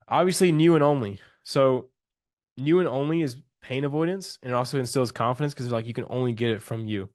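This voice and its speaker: A young man leads a live coaching call in a loose, slangy way, enthusiastic and often restarting his sentences. His voice sits at an ordinary pitch. The sound is dry and close, with little room around it. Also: no echo.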